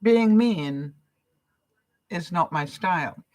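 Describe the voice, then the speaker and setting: A woman's voice: on the low side, animated, slow pace, a little mellow. An older woman from Canada, a vlogger chatting casually on a live stream, reading out viewer comments and encouraging them between laughs.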